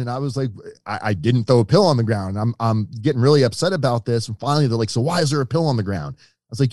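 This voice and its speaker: A middle-aged man appears as a podcast guest, recounting his own story and performing the voices of the people in it, an animated storyteller in an interview setting. He speaks fast at a medium pitch, and the recording is dry and studio quality.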